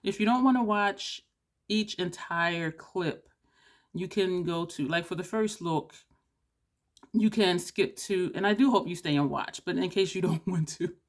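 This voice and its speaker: An excitable woman talks straight to camera about makeup, half-yelling with enthusiasm. Her voice sits a little low for a woman, and she chatters casually, sprinkling "y'all" and the occasional curse. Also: measured pace. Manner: drawling, southern-style "y'all" chatter, playful cursing. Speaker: beauty vlogger.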